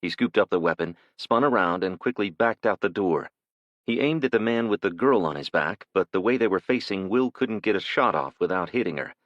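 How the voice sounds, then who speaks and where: Man, audiobook narrator, very low voice, dry close sound, measured and steady. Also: dry recording, muffled recording.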